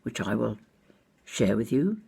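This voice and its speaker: A woman's voice: a bass voice, big pitch swings, measured pace, gravelly, dark tone, slightly rough. An older woman recounting a personal anecdote in a precise, wry, well-spoken way. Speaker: storyteller.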